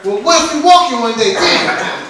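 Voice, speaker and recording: A man's voice: very high-pitched, expressive, normal speed, bright, forceful tone. A man doing open mic stand-up comedy, telling a rambling, profane story and joking with the crowd. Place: comedy lounge stage. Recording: echoey room, mic at a distance.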